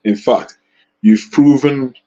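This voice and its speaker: A Nigerian man speaking at an online debate, effusive and grateful, with halting starts. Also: medium pitch, dark tone. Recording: dull lo-fi online call audio.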